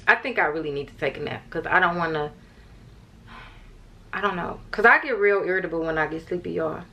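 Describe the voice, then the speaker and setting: Chatty tired woman vlogger, low voice. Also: fairly quick, sharp tone. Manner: chatty, rambling, addresses viewers as y'all. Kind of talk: casual vlog chat to camera.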